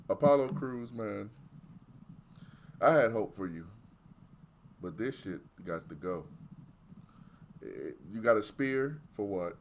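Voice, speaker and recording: A man co-hosts a podcast, giving blunt, opinionated takes with casual cursing. His voice sits fairly low but swings widely in pitch. He talks loosely, with fillers and quick asides. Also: expressive, slight background noise. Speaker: podcast co-host.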